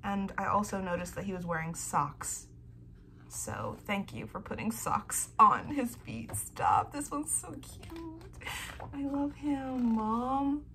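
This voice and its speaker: A young woman gushes through an unboxing at home, gasping and squealing as a devoted fan. She speaks slowly, stretching her words between bursts of delight. A faint hum sits behind her. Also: on the high side, expressive, pushed and bright. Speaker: vlogger. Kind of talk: excited unboxing vlog.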